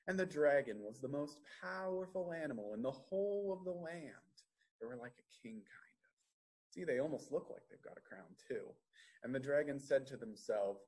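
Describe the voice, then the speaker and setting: A man reading a story aloud to children at a library storytime, gently asking the listeners questions. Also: medium pitch, expressive, a little slow, husky.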